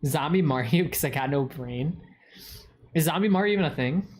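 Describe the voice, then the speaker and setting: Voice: mid-range voice, expressive, a little fast. A streamer with a stuffy nose, casually chatting with viewers and answering their questions, full of crude swearing and mock insults.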